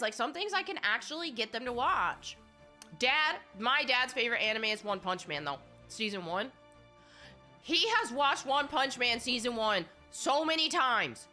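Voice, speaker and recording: A woman's voice: a little high, sharp tone. A woman gaming streamer with a cold, chatting casually in a rambling, candid way while she plays. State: has a cold.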